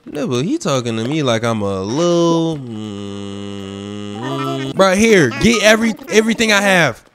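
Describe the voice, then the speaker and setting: A man's voice: medium pitch, big pitch swings, measured pace, over music. A sleepy young man doing late-night let's-play commentary, goofy and rambling from one topic to the next. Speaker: gaming YouTuber.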